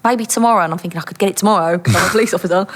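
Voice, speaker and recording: A woman with a slightly low voice tells a story as an interview guest. She is a former undercover police officer and talks with bright energy, throwing herself into the quoted lines and laughing often. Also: steady tone, racing. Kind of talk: animated anecdote telling.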